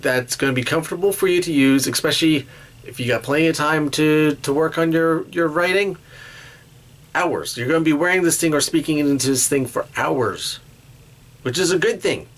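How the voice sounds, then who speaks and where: Halting man giving tips. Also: on the high side. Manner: halting, restarts phrases, pauses often. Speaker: podcast host. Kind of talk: casual solo talk with tips.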